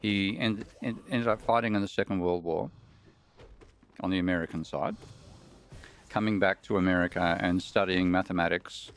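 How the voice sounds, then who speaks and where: Australian man, podcast guest, low voice, measured storytelling delivery. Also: fairly even intonation, clean tone. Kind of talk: conversational explanation.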